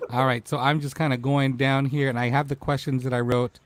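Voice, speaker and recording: An upbeat man hosts a casual livestream chat, greeting viewers by name and encouraging them. His voice sits in a middle pitch. It sounds dry and close. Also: little pitch movement, fairly quick, no room sound. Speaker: talk show host.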